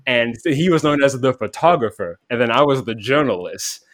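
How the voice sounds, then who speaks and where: A man's voice: mid-range voice, lively intonation, a little fast, fairly bright tone, dry recording. A man telling a rambling, casual story about an online game, full of "like" fillers, acting out quoted voices. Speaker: podcast guest.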